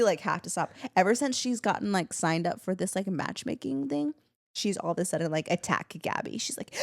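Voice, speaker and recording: A woman in her twenties, a podcast co-host, chatting casually and telling a story with lively quoted voices. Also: lowish voice, normal speed, vocal fry, dry recording, studio quality. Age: 20s. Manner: animated storytelling, acts out quotes. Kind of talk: casual chat.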